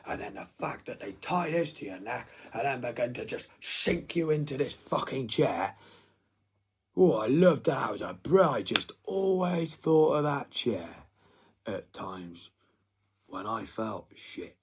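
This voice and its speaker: A man delivering a threatening, profane rant, dropping to hushed whispers and then bursting out loudly. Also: medium pitch, big pitch swings, a little slow, slightly rough. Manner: swings from hushed whispers to loud outbursts, heavy swearing.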